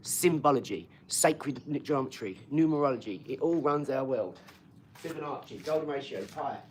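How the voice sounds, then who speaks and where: A man's voice: mid-range voice, expressive, moderate pace, a little hiss or hum. A man hosting a casual livestream, rambling between topics, swearing freely and answering viewers' comments. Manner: talks to viewers' comments directly. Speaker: livestream host.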